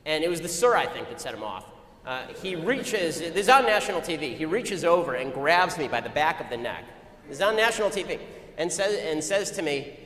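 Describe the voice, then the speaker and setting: A man talks at a breakneck clip, spinning an argumentative anecdote for an audience. His voice sits a little high and rings through a large, reverberant hall, with faint ambient noise behind. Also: sing-song, fairly bright tone. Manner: rapid-fire, argumentative storytelling. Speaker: speaker addressing an audience. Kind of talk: anecdotal public talk.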